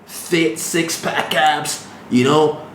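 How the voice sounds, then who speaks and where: A man's voice: a little high, fairly even intonation, extremely slow, fairly bright tone, slight background noise. A man co-hosting a podcast in casual chat, emphatic and lecturing like a coach. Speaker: podcast co-host. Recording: roomy recording.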